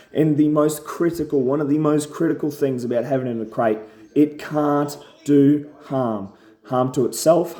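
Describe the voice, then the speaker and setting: Laid-back dog trainer, mellow voice. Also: male voice, medium pitch. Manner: plain-spoken, repeats "okay?" to check in. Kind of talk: casual instructional talk.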